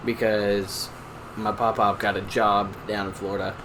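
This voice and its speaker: A man's voice: fairly low pitch, little pitch movement, unhurried, noisy background. A young man co-hosting a casual podcast, joking crudely and swearing freely as he tells stories. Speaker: podcast co-host.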